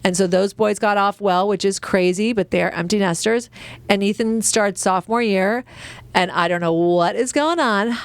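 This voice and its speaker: A middle-aged woman co-hosting a casual family comedy podcast, telling a story in an animated way, acting out voices with dramatic exclamations. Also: medium pitch, moderate pace, smooth, no room sound. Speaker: podcast co-host.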